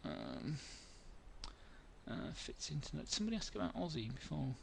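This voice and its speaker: A man's voice: a little high, huge pitch swings, moderate pace, vocal fry, slight background noise. A middle-aged man hosting a live trading webinar, walking through charts, answering viewer questions and often correcting himself mid-sentence.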